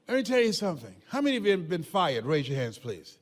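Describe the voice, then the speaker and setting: An older man giving a motivational speech to a live audience, telling stories with emphasis, often shouting and laughing. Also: fairly high pitch, big pitch swings, fast talker, hardly any pauses. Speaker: motivational speaker. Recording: long hall reverb.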